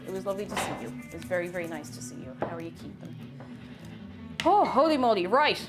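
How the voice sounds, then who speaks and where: A woman's voice: fairly low pitch, racing. An Irish woman streaming live as she bakes in her home kitchen, chatting casually, repeating herself and greeting viewers by name. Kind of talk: casual live-stream chat while baking. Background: faint music played from her phone.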